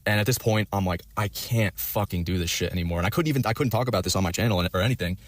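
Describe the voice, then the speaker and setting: Fast-rambling low-voiced man, dry sound. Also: no room sound. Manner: rambling, heavy swearing, many fillers. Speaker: storyteller in a reacted-to clip. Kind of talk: rambling profane storytelling.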